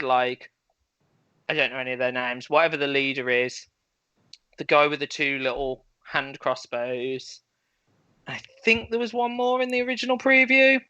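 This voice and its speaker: Excited guy rambling about stuff he likes, bright voice, dry. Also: mid-range voice, clear, resonant tone, no echo, lo-fi sound. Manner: enthusiastic, rambling with fillers. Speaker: panelist. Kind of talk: casual chat.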